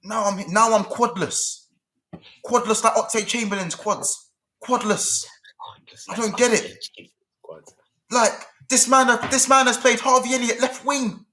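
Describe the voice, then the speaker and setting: A young man with a very high, sharp voice rants about football on a panel, exasperated and repeating himself in a heated but casual debate. He talks a little slowly with fairly even intonation and long pauses. A little hiss or hum is audible.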